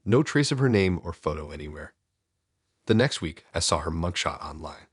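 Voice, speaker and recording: A man narrating a first-person horror story in a calm, measured, scripted way. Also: deep voice, slightly rough, no echo, studio quality.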